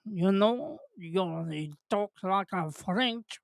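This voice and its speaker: Speaking slowly in a creaky, animated voice of medium pitch, this watch-along stream host chats casually. The talk rambles and jokes, with frequent laughter and questions thrown to the chat, all in studio quality with no room sound.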